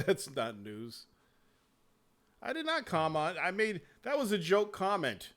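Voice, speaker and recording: A man hosts a loose gaming talk show. His voice sits a little high for a man and swings widely in pitch. He swears freely and laughs a lot. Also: slow pace. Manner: profane, animated, laughs often. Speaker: show host. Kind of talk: casual gaming chat.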